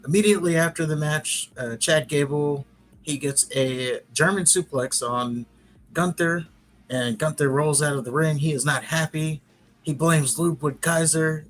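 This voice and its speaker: A man's voice: on the high side, measured pace, a bit bright. A man hosting a podcast, giving a casual, rambling recap with frequent restarts. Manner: rambling, chatty retelling with restarts. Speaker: podcast host.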